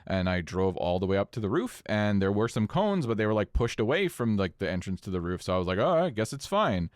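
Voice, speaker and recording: A man's voice: a little fast, no room sound. A man co-hosting a casual podcast, recounting a story with a voice that climbs and dips all over as he gets incredulous. He swears freely and the sound is dry and close. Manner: animated, swings pitch up when incredulous, swears casually. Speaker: podcast co-host.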